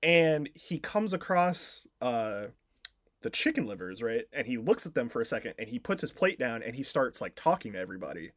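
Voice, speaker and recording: A man at a middle pitch talks through a film plot on a casual podcast, loose and rambling. He leans on filler words and curses freely. The sound is dry and close, with no room around it. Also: big pitch swings, normal speed, dry recording. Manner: rambling, full of "like" fillers and swearing. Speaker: podcast co-host.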